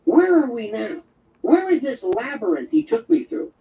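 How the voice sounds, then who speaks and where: A man hosting an overnight radio talk show. He tells a wandering, jokey monologue and slips into quick impressions. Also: extremely high pitch, very animated, creaky, distant mic, dull audio. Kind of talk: rambling comic monologue.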